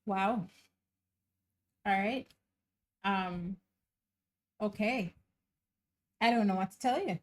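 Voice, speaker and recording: A woman hosting a reaction channel, thinking out loud in a casual, musing way with many fillers and pauses. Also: mid-range voice. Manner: thoughtful, musing, trailing off with frequent laughs and fillers.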